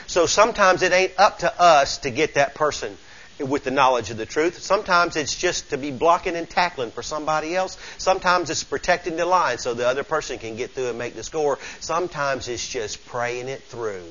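A Southern man preaches in a folksy, emphatic way, calling out "come on now" to his congregation. His voice sits high and sounds bright and forward. The recording is muffled and lo-fi. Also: fairly quick. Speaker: pastor. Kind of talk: sermon.

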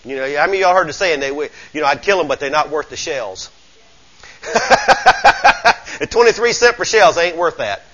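A Southern man preaches in a folksy, emphatic way, calling out "come on now" to his congregation. His voice sits high and sounds bright and forward. The recording is muffled and lo-fi. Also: fast talker, hardly any pauses, slight background noise. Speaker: pastor. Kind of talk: sermon.

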